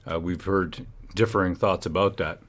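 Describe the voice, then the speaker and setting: A man's voice: low-pitched, fairly even intonation, moderate pace, fairly bright tone. A man hosting a live stream, commenting heatedly and often restarting his phrases. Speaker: livestream host.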